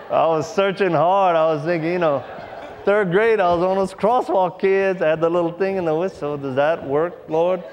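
A man's voice: sits high, normal speed, long reverb tail, muffled recording, a little hiss or hum. A man preaching a sermon, telling a story in a folksy way and acting out the voices of the people in it. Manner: animated, acts out voices in his stories; folksy, drawling informal speech.

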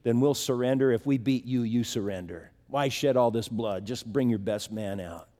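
Boastful giant warrior, deep and taunting, put on by a man, echoey hall. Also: warm tone, close to an everyday voice. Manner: low, slow taunting challenge.

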